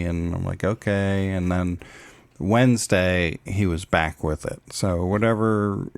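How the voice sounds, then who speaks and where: A middle-aged man with a very low voice chats on a parenting podcast. He sounds earnest and reflective and laughs easily. The recording is dry and close, with no room sound. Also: fairly even intonation, unhurried, no room sound. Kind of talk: casual chat.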